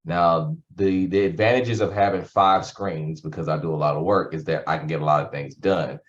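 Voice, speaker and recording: A man's voice: a bass voice, steady tone, normal speed, muffled recording. A man giving a workshop presentation over a video call, talking conversationally with a sarcastic streak. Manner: conversational, uses sarcasm and analogies.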